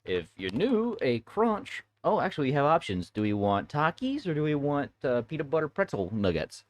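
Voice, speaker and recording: A man's voice: on the high side, big pitch swings, normal speed, dry recording. A man hosting a live stream, chatting casually and playfully with viewers. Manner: laid-back, playful.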